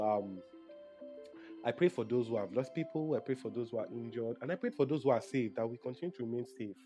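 In a medium-pitched voice with a dark tone, a young Nigerian man talks by himself in a relaxed, emotional way. He is chatty and keeps revising what he says mid-sentence.

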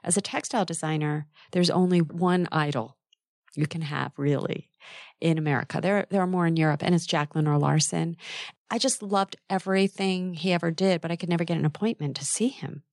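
A middle-aged woman, a textile designer and author, telling a personal story in an interview in a lively, candid way with quick asides. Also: fairly low pitch, no room sound.

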